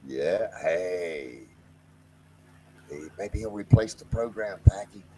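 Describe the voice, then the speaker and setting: A man's voice: sits low, expressive, takes it slowly, mellow, a little hiss or hum, poor audio. Laid-back man who says man a lot. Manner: easygoing, agreeable, calls people man. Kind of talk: casual comic chat.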